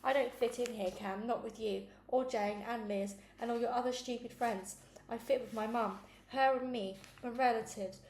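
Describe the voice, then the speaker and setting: Una mujer haciendo de niña rebelde y enfurruñada. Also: female voice, fairly high pitch, steady tone, normal speed, darkish tone, lightly acted. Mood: sneering. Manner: sulky, defiant, sneering. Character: defiant sulky young girl in foster care. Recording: echoey room, faint noise.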